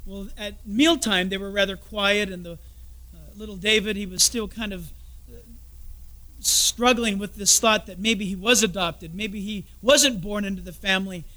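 A man preaching a sermon as pastor, telling a story and dropping into soft, confiding asides. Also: high-pitched, steady tone, moderate pace.

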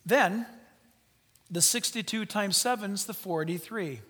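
A man's voice: high-pitched, measured pace, pushed and bright, slightly rough. A man preaching a sermon, speaking animatedly to the congregation and acting out the voices in the biblical dialogue. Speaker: pastor. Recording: long hall reverb.

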